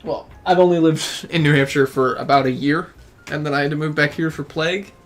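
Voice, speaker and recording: Faint music plays behind this game streamer host, whose male voice is a little high, fairly bright and fairly even in intonation. He's from Tennessee with a Southern accent, rambling, chatty and quick to joke with the people he's playing alongside.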